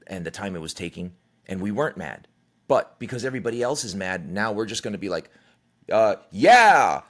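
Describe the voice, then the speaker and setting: Middle-aged guy rambling on his podcast, low voice, blunt and swears a lot. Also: a bit bright. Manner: conversational and candid, swears freely, acts out quotes. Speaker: podcast host. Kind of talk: casual solo podcast monologue.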